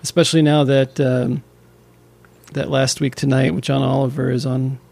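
Halting, gravelly-voiced man chatting. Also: mid-range voice, little pitch movement, darkish tone. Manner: halting, many restarts. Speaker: podcast co-host. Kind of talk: casual chat.

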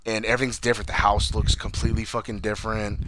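A young man chats casually as a podcast co-host, recapping a movie in a loose, rambling way with plenty of swearing. His voice is bright and forward. There is a faint hiss of background noise. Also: on the low side, little pitch movement, quick pace. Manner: profane, rambling plot recap with acted quotes. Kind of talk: casual movie review chat.

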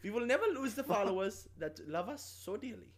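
A man putting on a pompous, shouty mock German accent while reading a plot summary on a podcast. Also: a little high, huge pitch swings, a little slow, full character voice. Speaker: podcast co-host.

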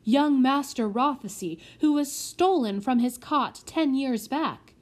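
A woman's voice: sits high, slow pace, darkish tone, pitched above the performer's own voice. A woman voicing an old male butler who is sentimental, long-winded and old-fashioned in his speech. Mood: fond. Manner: old-fashioned phrasing, teary.

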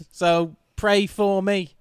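A man's voice: high-pitched, flat delivery, very slow, voice pushed up. Man putting on a self-pitying Liverpool bloke. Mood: mock self-pity. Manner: mock-tearful, joking.

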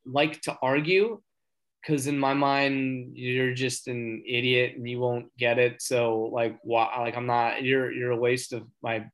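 A man telling a story in casual chat, earnest and rambling, getting excited as he talks. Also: medium pitch, a little slow. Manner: earnest, excitable when talking faith; rambling with many fillers and restarts.

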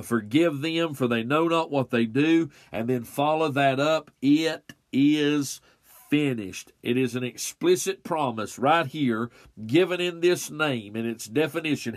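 Deliberate preacher man, dry sound. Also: medium pitch, dry recording. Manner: slow, deliberate delivery with emphatic pauses. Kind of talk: expository sermon.

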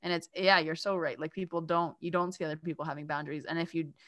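A woman in her thirties co-hosting a casual spiritual podcast, chatting in an animated way and breaking into loud mock-yelling. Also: sits low, fast, no echo. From Lebanese heritage. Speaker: co-host, spiritual coach.

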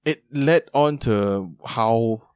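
Brief: male podcast host, mid-pitched, playful and giggly, dry close mic. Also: drawn-out words, a little mellow, clean tone, no room sound. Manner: jokey, laughs often, puts on silly voices. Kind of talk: casual chat.

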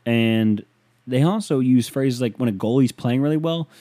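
Profane ranting American man, mellow voice. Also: medium pitch, normal speed. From United States. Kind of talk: comedic solo rant.

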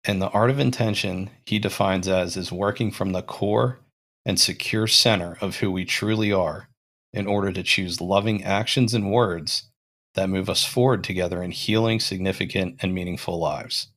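A man's voice: deep voice, fairly even intonation, moderate pace, fairly bright tone. A young man hosting a casual podcast, thinking aloud as he talks, with frequent restarts and fillers. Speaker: podcast host.

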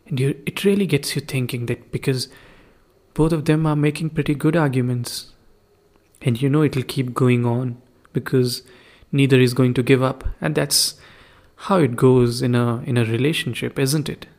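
A man's voice: mid-range voice, steady tone, normal speed, a little mellow. A man reading a story aloud for a podcast, then reflecting on it in a musing, conversational way.

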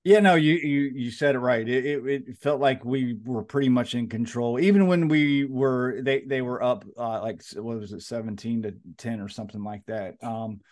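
Brief: laid-back co-host, mid-range voice, rambling. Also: male voice, medium pitch, normal speed, few pauses. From United States. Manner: relaxed, lots of restarts and "you know". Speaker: podcast co-host. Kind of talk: casual sports podcast chat.

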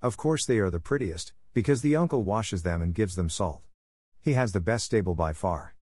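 A man's voice: lowish voice, animated, normal speed, a little mellow, dry recording, studio quality. A man reading aloud voices a blunt, matter-of-fact goatherd boy who speaks in a curt, plain way.

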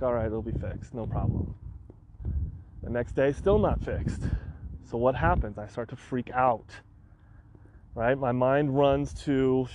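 A man hosting a solo podcast, telling a personal story in an animated way and acting out his own frantic outbursts. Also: medium pitch, dull audio, slight background noise. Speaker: podcast host.

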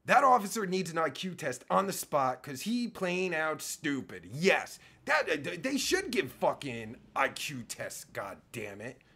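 A heated host ranting over a clip, swearing at every turn. The voice swings widely up and down in pitch and has a husky, slightly breathy edge. The delivery is fierce, scornful and unfiltered. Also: big pitch swings, measured pace, few pauses, sharp tone. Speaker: reaction video host. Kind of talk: angry profane commentary.

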